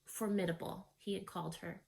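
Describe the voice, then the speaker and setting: A woman's voice: medium pitch, moderate pace, rough recording. Woman reading a storybook aloud.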